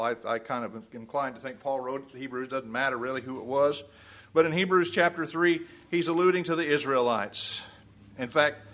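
A man preaching a sermon, emphatic, asking the congregation rhetorical questions and moving between loud stress and quiet asides. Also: mid-range voice.

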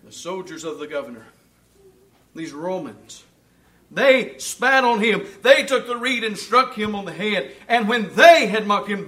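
High-pitched guy preaching, reads scripture, gets loud then goes quiet, keeps asking the crowd questions. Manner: dramatic, swinging between loud emphasis and hushed asides; asks the congregation rhetorical questions. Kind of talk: sermon with scripture reading.

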